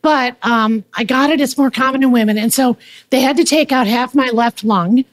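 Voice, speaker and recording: A woman comedian chatting as a podcast guest, telling stories in a quick, wry, animated way, with a slightly scratchy voice. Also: fairly high pitch. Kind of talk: casual chat.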